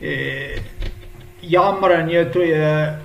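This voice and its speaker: A man's voice: a little high, very slow, vocal fry, slight background noise. A man in his fifties translating an interview clip while ranting, profane, mocking and repetitive. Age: 50s. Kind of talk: angry sarcastic rant. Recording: echoey room.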